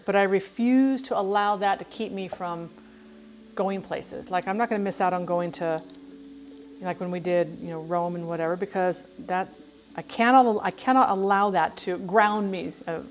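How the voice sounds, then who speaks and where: A middle-aged woman chatting while she cooks on a livestream, rambling and self-deprecating. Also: medium pitch. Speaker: cooking livestreamer. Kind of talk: casual chat while cooking on a livestream.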